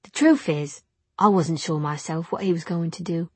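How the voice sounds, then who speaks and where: A woman's voice: fairly low pitch, moderate pace, slightly rough, no echo. A woman narrator voicing a young Victorian housemaid who speaks plainly and cries, her voice cracking. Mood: frank, soothing. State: crying.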